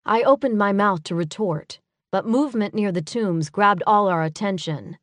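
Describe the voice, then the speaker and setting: A woman narrating a first-person urban fantasy audiobook in a measured, earnest way. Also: mid-range voice, no echo.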